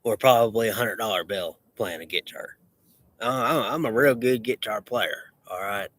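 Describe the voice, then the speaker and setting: A man's voice: fairly low pitch, normal speed, fairly bright tone. A man who runs a lawn care business, talking in a rambling, repetitive and boastful way with many restarts. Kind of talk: rambling casual monologue.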